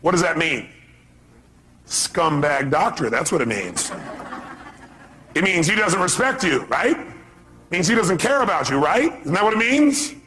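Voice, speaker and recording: A man's voice: high-pitched, very animated, moderate pace, pauses often, pushed and bright. A man speaking live at a seminar, emphatic and repeating his key phrases, firing questions at the audience. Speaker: motivational speaker. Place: seminar hall.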